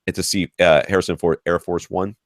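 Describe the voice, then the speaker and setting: A man around forty hosting a podcast, telling ranting stories in a casual, animated way with lots of restarts. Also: sits low, brisk, no room sound, studio quality. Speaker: podcast host.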